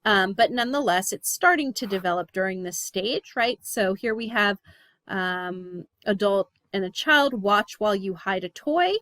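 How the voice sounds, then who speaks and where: A woman's voice: medium pitch, animated, normal speed, a bit bright, dry recording. A woman giving a recorded class lecture, explaining terms with frequent "um" and "right?" check-ins.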